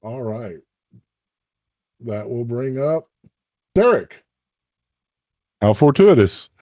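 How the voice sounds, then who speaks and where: A man's voice: mid-range voice, slow pace, warm tone, dry recording. A man running a tabletop game as game master, calling out damage and rolls matter-of-factly.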